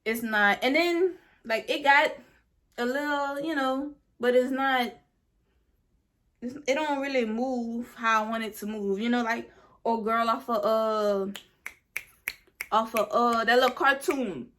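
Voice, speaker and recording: A woman's voice: a little high, unhurried, a bit bright. Frustrated young woman venting about a wig. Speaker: beauty vlogger. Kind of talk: casual product review.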